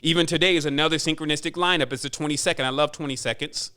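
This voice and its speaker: A man hosting a spiritual podcast, talking in an emphatic, preachy monologue and mimicking people in quick asides. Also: fairly high pitch, steady tone, sharp tone, clear, resonant tone. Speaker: podcast host.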